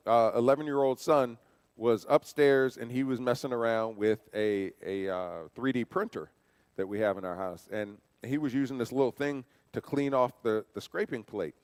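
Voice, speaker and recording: A man's voice: medium pitch, smooth. A man giving a church safety training talk, conversational, asking rhetorical questions and telling personal stories. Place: church hall. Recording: long reverb of a large hall.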